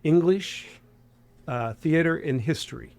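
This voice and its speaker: His voice sits a little high, expressive and a bit mellow with some vocal fry, at a measured pace. The speaker is a Huntington, West Virginia man in his sixties with a faint Appalachian accent, rambling through a conversational interview with frequent restarts and fillers.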